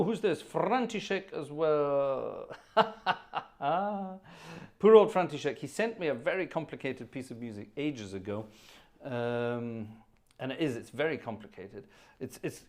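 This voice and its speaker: A medium-pitched man hosts a live organ music stream, chatting casually and rambling between tunes. He hums melodies aloud and reads out viewer requests.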